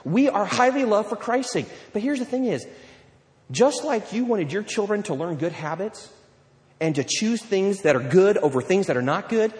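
A male pastor preaching a sermon, lively and conversational, acting out little scenes and quotes as he goes. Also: sits high. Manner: animated preaching with playful acted-out quotes. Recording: long hall reverb.

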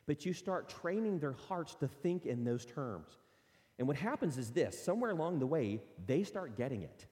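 Middle-aged man, earnest parenting teacher, lively rising and falling voice, long reverb. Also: fairly high pitch, moderate pace. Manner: earnest, conversational, acts out parent and child quotes.

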